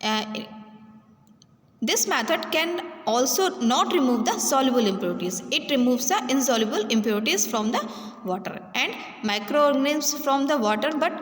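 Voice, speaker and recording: A woman teacher with an Indian English accent giving a class lecture, halting and repeating herself as she explains. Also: high-pitched, expressive. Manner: halting, restarts and repeats words while explaining. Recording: roomy echo with long reverb, faint ambience.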